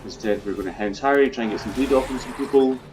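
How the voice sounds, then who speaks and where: A man plays a video game and casually comments on it, chatty and swearing freely as he talks through his plans. His mid-range voice moves at a quick pace with music in the background.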